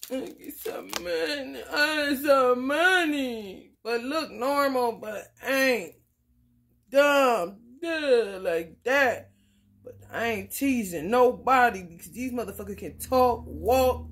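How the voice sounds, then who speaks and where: Woman, tarot reader, profane and blunt, rather high voice, loud then muttering. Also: unhurried, a little hiss or hum. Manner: blunt, profane, swinging between loud outbursts and muttered asides. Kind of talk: casual tarot reading rant.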